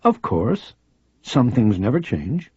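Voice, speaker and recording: A man voicing a friendly, sharp woman crime reporter with a faint Jamaican accent and a breezy, teasing manner. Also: mid-range voice, big pitch swings, slow, breathy edge, dry recording, pitched above the performer's own voice, heavily acted. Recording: dry, slightly dull audiobook recording.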